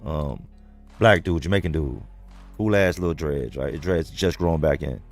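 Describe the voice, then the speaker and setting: A man with a low, deep voice tells a story straight to his livestream viewers. He talks bluntly and casually, with plenty of swearing. Soft music plays faintly behind him. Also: normal speed. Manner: blunt, profane, conversational. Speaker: livestream host reading comments.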